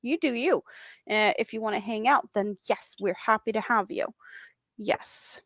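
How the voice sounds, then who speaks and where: A woman speaks English with a Swedish accent, sometimes stumbling and searching for the right words. Her voice sits a little high. The sound is close and dry, with no room echo. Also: unhurried. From Sweden. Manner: searches for words, restarts often, laughs easily. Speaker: guest crocheter. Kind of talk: casual livestream chat.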